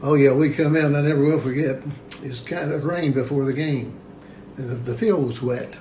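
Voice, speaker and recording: A man's voice: mid-range voice, steady tone, normal speed, dark tone, echoey room, a little hiss or hum. An older man with a Kentucky accent, a retired football coach, reminiscing in a folksy, storytelling way. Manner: folksy storyteller, short agreeing replies. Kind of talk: casual reminiscing.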